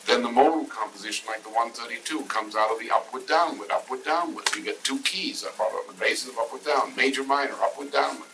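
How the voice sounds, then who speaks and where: A man's voice: medium pitch, fast, few pauses, noisy background. A man giving a loose spoken lecture on music, rambling and jumping between half-finished thoughts. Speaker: speaker in a recorded talk.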